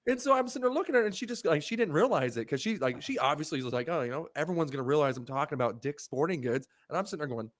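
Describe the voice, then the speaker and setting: A man's voice: fairly high pitch, lively intonation, quick pace, hardly any pauses, no room sound, clean studio sound. A middle-aged man co-hosting a podcast, telling a story with lots of swearing and animation. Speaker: podcast co-host. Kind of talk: casual podcast chat.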